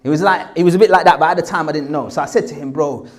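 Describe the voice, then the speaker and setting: A man recounting his life with lively, self-mocking energy, slipping into acted-out dialogue. His voice sits somewhat higher than most men's. The tone is conversational and candid. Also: very fast. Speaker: speaker telling his conversion story. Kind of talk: storytelling talk.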